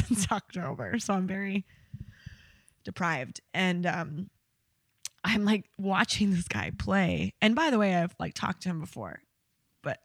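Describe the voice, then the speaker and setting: Bright-voiced woman telling candid stories. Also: medium pitch, no room sound, clean studio sound. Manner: candid, bawdy storytelling with frequent laughter. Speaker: podcast co-host. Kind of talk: casual chat.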